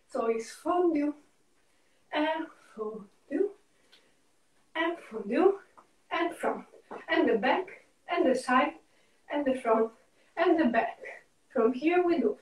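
High-voiced ballet teacher calling steps. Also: female voice, a little hiss or hum. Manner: calls out counts and steps in short phrases. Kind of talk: ballet class instruction. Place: dance studio. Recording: roomy studio, far from the mic, music behind.

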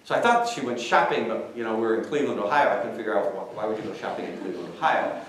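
A man giving a university talk, telling an anecdote with animated delivery and questions tossed to the audience. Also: on the low side, quick pace, slight background noise. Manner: animated storytelling, quizzes the audience. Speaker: guest speaker. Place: large lecture hall. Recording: echoey hall, far from mic.

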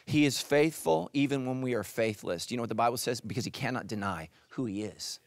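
A man preaching a sermon as pastor, animated and speaking straight to his listeners. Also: medium pitch, fairly quick, dry recording, clean studio sound. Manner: animated, addresses listeners directly.

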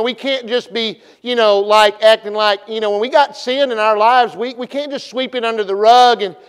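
High-voiced preacher in reverb. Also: male voice, clean tone. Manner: folksy storytelling, swings from hushed to booming. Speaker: pastor. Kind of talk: revival sermon. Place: church sanctuary. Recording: long church reverb.

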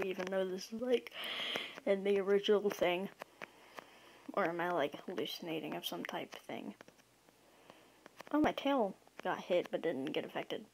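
A woman giving casual, self-mocking commentary while playing a video game, quick to get excited. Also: medium pitch, gravelly, slight background noise, poor audio. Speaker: gaming video creator.

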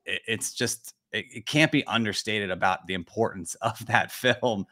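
A man's voice: fairly low pitch, normal speed, pushed and bright. A man hosting a casual interview, enthusiastic and often stumbling over his words as he asks questions. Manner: enthusiastic, stammering restarts. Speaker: podcast host.

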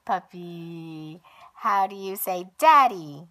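A woman in a home video, gently coaxing a small child with sing-song baby talk and simple questions. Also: lowish voice, lively intonation, slow. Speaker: parent coaxing a toddler.

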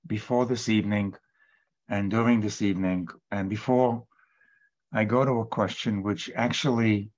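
A man with a fairly low voice moderates an online panel and pauses to share a personal reflection. He speaks unhurriedly and thoughtfully. The sound is dull and lo-fi, like a webinar feed.

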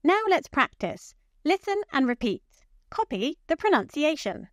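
A woman teaching medical English pronunciation, speaking slowly and enunciating each term clearly. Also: sits high, big pitch swings, fairly bright tone, no room sound, studio quality. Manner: slow, clearly enunciated, instructive. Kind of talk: pronunciation lesson.

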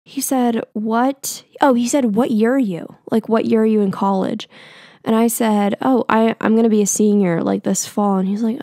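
A woman's voice: on the high side, steady tone, normal speed, warm tone, no echo, studio quality. Chatty young woman telling a story. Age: 20s. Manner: chatty, rambling, quotes people in a raised voice. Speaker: podcast host. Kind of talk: casual storytelling.

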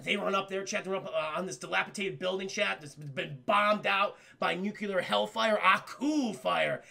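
A man streaming a cartoon recap in a rambling, excitable, profane way, often addressing his chat. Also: high-pitched, moderate pace, vocal fry. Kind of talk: casual profane scene recap.

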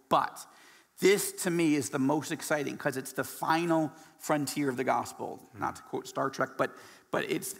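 A man giving a guest talk at a church. He is passionate and animated and often restarts his sentences. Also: fairly high pitch, gravelly, long reverb tail. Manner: excitable and animated, many restarts. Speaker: guest speaker.

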